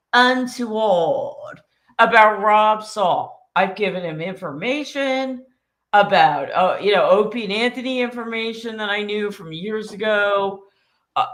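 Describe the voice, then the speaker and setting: Brash, bright-voiced woman podcaster. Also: medium pitch. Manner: blunt, profane, animated ranting. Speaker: co-host. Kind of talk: casual podcast chat.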